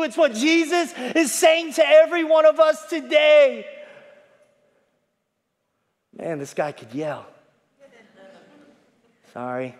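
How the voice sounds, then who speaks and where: A male pastor preaching a sermon, folksy, swinging from shouting to hushed tones and calling out to the congregation. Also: very high voice, very animated, slow, long pauses. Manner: folksy, repeats calls to the congregation. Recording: long hall reverb.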